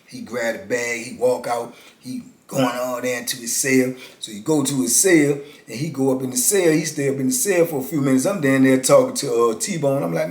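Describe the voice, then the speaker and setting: Man in his fifties, casual storytelling, laid-back slangy delivery, mid pitch, roomy echo. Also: normal speed. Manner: laid-back, slangy, frequent "you know".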